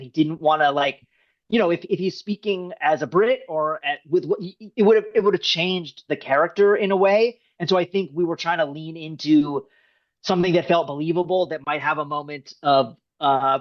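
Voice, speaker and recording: Animated rambling screenwriter, a man. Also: on the high side, brisk. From United States. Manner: rambling, restarts often, animated. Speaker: screenwriter guest. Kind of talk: casual interview. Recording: dull lo-fi sound.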